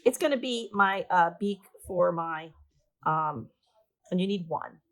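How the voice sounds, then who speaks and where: Woman, art teacher, gravelly, lowish voice, chatty craft demo. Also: animated, a little slow, fairly bright tone, low-quality recording. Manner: chatty and self-deprecating, talking while working. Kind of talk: step-by-step craft demonstration.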